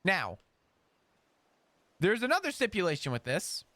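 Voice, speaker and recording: A man stays in character as he tells his story, rambling and animated. His voice sits high and swings widely in pitch. It is recorded dry and close, with no room sound. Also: a little slow, no room sound. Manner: animated, rambling recount with restarts. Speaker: roleplay character in a GTA server. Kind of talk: in-character storytelling recounting events.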